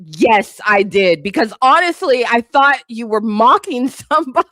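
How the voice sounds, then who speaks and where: A woman hosting a live stream in casual chat, laughing often and breaking into loud exclamations. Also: on the high side, lively intonation, moderate pace, no echo, clean studio sound. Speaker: livestream host.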